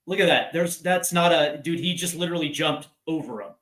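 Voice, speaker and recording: A man's voice: fairly high pitch, brisk, a bit bright. A man co-hosting a football watchalong, chatty and opinionated as he reacts. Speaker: co-host fan. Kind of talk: casual watchalong chat. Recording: roomy echo.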